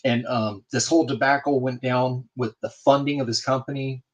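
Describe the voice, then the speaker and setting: A man's voice: mid-range voice, steady tone, normal speed. A man in a casual video call, telling a story and acting out both sides of the conversation. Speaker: guest in a group video chat.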